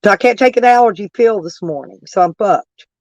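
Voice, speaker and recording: A woman's voice: medium pitch, fairly quick, no room sound, lo-fi sound. Woman, livestream rant, brash and profane, allergy-worn voice, dry sound. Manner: brash, profane, argues with chat. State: voice lowered and rough from allergies. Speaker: livestream host reading chat.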